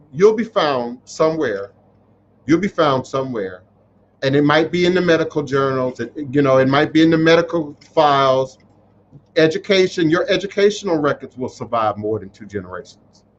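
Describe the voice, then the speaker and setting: A man's voice: a little high, slight background noise. Emotional preachy man on a muffled livestream. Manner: emotional, preachy, repeats phrases for emphasis. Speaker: spiritual teacher hosting a live stream. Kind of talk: live-stream talk reading viewer comments.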